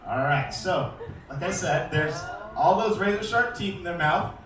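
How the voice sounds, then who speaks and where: A man presenting a live alligator show, joking with and quizzing the crowd and calling out loudly to them. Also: sits high, animated, unhurried. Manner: calls out loudly to the audience. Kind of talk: live comedic animal demonstration. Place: outdoor show arena. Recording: echoey, distant outdoor recording with faint noise.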